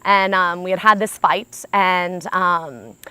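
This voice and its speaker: An American woman from the United States, a speaker telling a personal story in an animated, chatty way, often saying "like". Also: on the low side, slow pace, clean tone.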